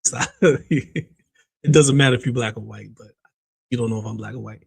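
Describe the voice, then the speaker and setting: A relaxed man talking casually on his live stream, greeting viewers in chat and reacting to clips. His pitch sits in an ordinary middle range, and his sentences often trail off or restart. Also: normal speed, gravelly, breathy edge. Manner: laid-back, greets chat by name, trails off mid-sentence.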